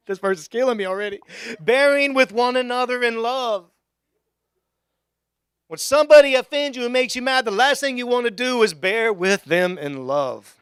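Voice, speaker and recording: A young adult male pastor giving a conversational sermon in a church, with joking asides and bursts of excitement. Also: very high-pitched, a little fast, clean tone, no room sound, studio quality. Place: church sanctuary.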